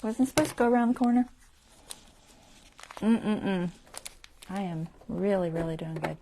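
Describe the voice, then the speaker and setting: A woman chats her way through a sewing project on a livestream, dropping into half-whispered asides and teasing herself over small mistakes. Her voice sits mid-range with a gravelly edge, picked up on a clip-on mic. Faint clicks from a sewing machine run underneath. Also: mid-range voice, measured pace, dark tone, slight background noise. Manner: self-deprecating, talks to herself while sewing. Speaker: craft channel host. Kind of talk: casual livestream crafting talk.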